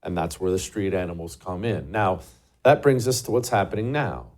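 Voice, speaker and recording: A man's voice: sits low, moderate pace, darkish tone. A man hosting a show, delivering a scornful, emphatic political commentary monologue full of rhetorical questions. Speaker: show host.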